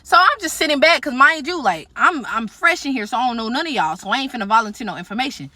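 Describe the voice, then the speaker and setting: Woman telling a storytime, slangy and cussing, high bright voice, fast. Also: dry recording. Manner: animated, slangy, profane. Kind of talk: casual storytime.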